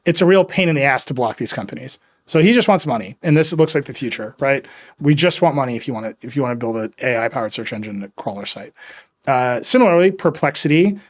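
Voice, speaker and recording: A male podcast host with a slightly higher voice, talking in a loose, rambling way about tech news. He is wry and drops in quick quoted asides. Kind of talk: casual tech chat.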